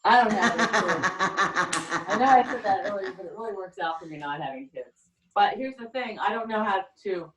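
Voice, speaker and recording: A woman with a medium-pitched voice performs stand-up comedy in a rambling, halting deadpan, often trailing off and starting over. She sounds far from the mic in an echoey room.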